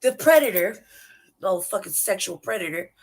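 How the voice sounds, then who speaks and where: A woman from Los Angeles hosting a show, giving loud profane commentary full of swearing and laughter. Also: medium pitch, normal speed, gravelly. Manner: animated, swearing, ranting and laughing. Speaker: show host commenting on a played clip.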